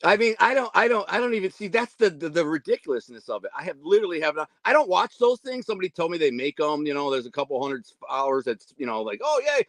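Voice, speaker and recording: A man's voice: fairly high pitch, expressive, fast, hardly any pauses, a bit bright, dry recording. A man around fifty, a guest telling long rambling stories and acting out the voices of the people in them. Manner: rambling, acts out quoted voices. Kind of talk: casual storytelling interview.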